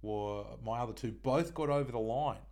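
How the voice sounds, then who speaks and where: A man's voice: medium pitch, normal speed, a little mellow. Laid-back Australian man, sports chat. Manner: laid-back, laughs along. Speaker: podcast co-host. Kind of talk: casual sports banter.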